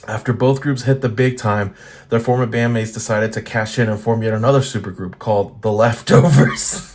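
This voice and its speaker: Profane, blunt man with a lowish voice. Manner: profane, laughing often, blunt. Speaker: guitar channel host. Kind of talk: casual commentary reading old magazines.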